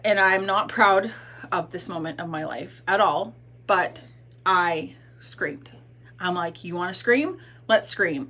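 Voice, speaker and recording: A woman in her thirties hosting a casual livestream from home, telling a story in a candid, self-deprecating way, her voice still recovering and a little hoarse. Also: mid-range voice, fairly bright tone. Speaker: livestream host. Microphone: phone or webcam livestream.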